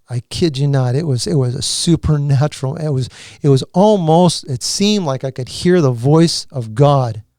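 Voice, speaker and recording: A man giving an emotional personal testimony as a podcast guest, earnest and halting, with many restarts. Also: medium pitch, darkish tone, no echo, studio quality.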